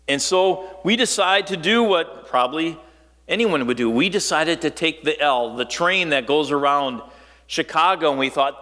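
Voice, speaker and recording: Guy from northern wisconsin preaching, chatty storytelling sermon, goes quiet and low for the big points, echoey hall. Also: unhurried. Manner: storytelling, conversational, dropping low and quiet for emphasis.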